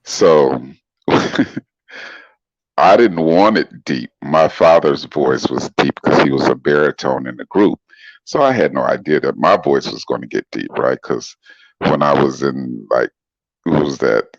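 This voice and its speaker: A middle-aged man with a remarkably low, smooth voice and a gravelly edge talks easily on a livestream, greeting commenters and chuckling. The stream audio is dull and lo-fi, with a dry, close sound. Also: measured pace, no room sound. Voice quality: very deep smooth voice. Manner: laid-back, chuckling, greets commenters by name. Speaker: livestream guest reading chat comments. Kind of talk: casual livestream chat.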